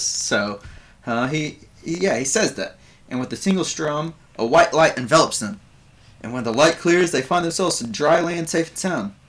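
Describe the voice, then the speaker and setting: A man's voice: a little high, a bit bright, pitched above the performer's own voice. A man voicing a lanky male bugbear stand-up comedian who tells corny puns and waits for laughs. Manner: chummy, hammy joke delivery with pauses for laughs.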